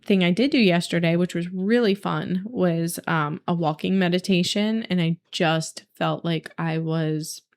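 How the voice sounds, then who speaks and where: A young woman speaks in a casual, earnest vlog, reflecting on her meditation practice. Her voice sits on the low side and sounds smooth and clear. She fills pauses with ums and likes. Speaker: vlogger sharing a meditation journey.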